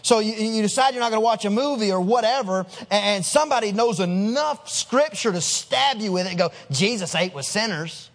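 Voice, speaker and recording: A man's voice: high-pitched, brisk, few pauses. A man preaching a sermon as pastor, in a conversational way, putting questions to the congregation and restarting his words.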